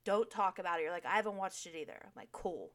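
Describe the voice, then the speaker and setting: A woman's voice: lowish voice, quick pace, fairly bright tone. Frank, swearing woman telling a story. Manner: frank, swears freely, laughs while telling stories. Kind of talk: casual chat.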